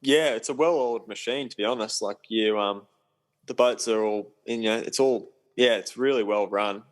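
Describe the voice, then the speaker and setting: A man's voice: fairly low pitch, normal speed, poor audio. A young man chatting casually as a podcast guest, laid-back and rambling with lots of ums. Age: young adult. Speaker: guest, professional sailor.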